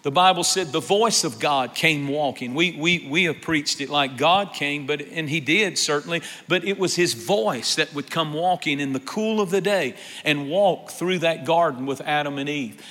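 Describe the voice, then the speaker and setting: A man's voice: on the high side, moderate pace, hardly any pauses, fairly bright tone, big-room sound. A man preaching a sermon as pastor, emphatic, repeating phrases and calling on the congregation for an amen.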